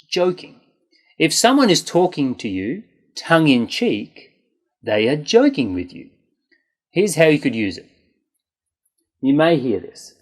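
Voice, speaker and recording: An English pronunciation teacher who says each word slowly and repeats it, stretching out the sounds, in a patient, encouraging way. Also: mid-range voice. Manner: slow, deliberate, exaggerated enunciation with repeated words. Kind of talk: scripted pronunciation lesson.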